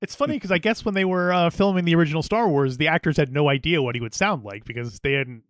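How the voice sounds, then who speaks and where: A man's voice: fairly high pitch, fast talker, no room sound. A man co-hosting a casual podcast chat, joking and laughing easily. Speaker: podcast co-host.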